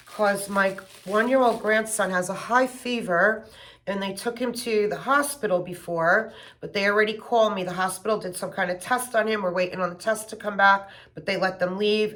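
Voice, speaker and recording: A middle-aged woman chatting casually and gushing with excitement as she unboxes gifts for her vlog. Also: medium pitch. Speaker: home fragrance vlogger.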